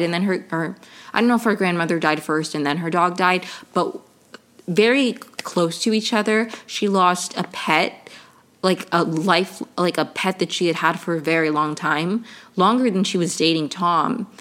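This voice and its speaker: Exasperated young woman ranting casually. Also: medium pitch. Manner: exasperated, animated, swears, many fillers. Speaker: podcast host. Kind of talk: casual commentary rant.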